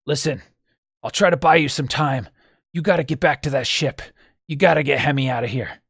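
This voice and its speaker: A man voicing a brave male rebel commander who barks orders and shouts defiance in a tabletop game. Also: fairly high pitch, fairly quick, vocal fry, slightly rough, no echo, studio quality, full character voice. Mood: urgent.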